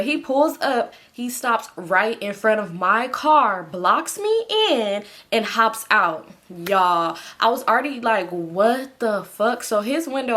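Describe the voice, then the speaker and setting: Young woman, storytime vlogger, slangy and swearing, talks straight to viewers. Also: medium pitch. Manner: animated, slangy, swears freely, addresses viewers as y'all. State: sleepy. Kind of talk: casual storytelling to camera.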